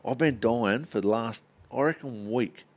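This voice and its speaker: A man's voice: mid-range voice, normal speed. An Australian man co-hosting a podcast in laid-back casual chat, telling yarns and laughing at his own stories. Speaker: podcast co-host.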